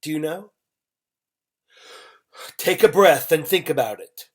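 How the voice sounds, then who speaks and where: Very slow, deliberate English teacher. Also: female voice, deep voice. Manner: slow, deliberate, repeats words and example sentences. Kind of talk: online vocabulary lesson.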